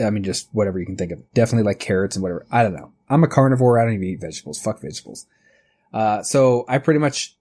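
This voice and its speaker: In casual chat, this podcast co-host, a man in his thirties, rambles along, curses freely and laughs easily. He has a mid-range voice with a darkish tone.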